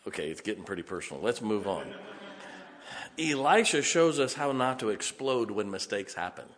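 A man's voice: lowish voice, sing-song, moderate pace, long pauses, a bit bright. A middle-aged man pastor preaching a sermon, telling folksy stories and laughing often. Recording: reverberant hall.

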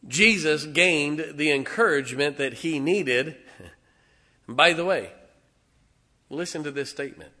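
Male preacher, animated sermon storyteller, bright and forceful. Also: a little high, slow, long pauses. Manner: emphatic storytelling with audience call-outs. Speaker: pastor.

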